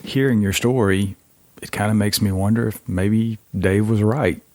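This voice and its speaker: Male podcast host, low voice, thoughtful and a bit hesitant, dry sound. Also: steady tone, normal speed, darkish tone, no room sound. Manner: thoughtful, slightly hesitant, repeats words. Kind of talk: interview chat.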